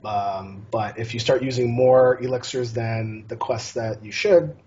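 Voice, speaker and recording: A man's voice: medium pitch, unhurried, a little mellow, husky. A man guest on a casual gaming podcast, talking in a rambling way with many restarts and fillers. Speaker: guest, challenge curator. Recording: dull lo-fi podcast audio.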